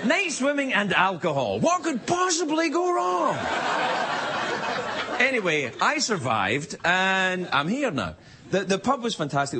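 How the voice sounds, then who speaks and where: Animated Scottish man telling jokes. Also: on the high side. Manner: rambling, self-mocking storytelling. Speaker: late-night talk show host. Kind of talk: stand-up monologue. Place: television studio with live audience. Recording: studio audience laughter and noise.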